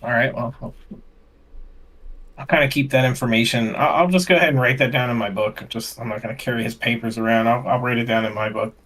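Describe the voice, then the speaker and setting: A man's voice: medium pitch, steady tone, fast talker, fairly bright tone. A man playing in a tabletop game, talking casually in character and often restarting his sentences. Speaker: player.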